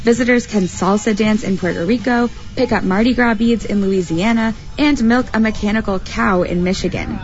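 A woman correspondent delivers a radio news report with a measured, clear delivery at a mid pitch. The sound is slightly dull, with faint music underneath.

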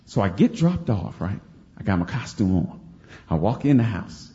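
A man from Detroit, a comedian in his forties, telling a story on stage with lively, laughing delivery. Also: fairly low pitch, moderate pace. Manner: animated, laughing, acts out voices. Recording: echoey stage sound, dull lo-fi.

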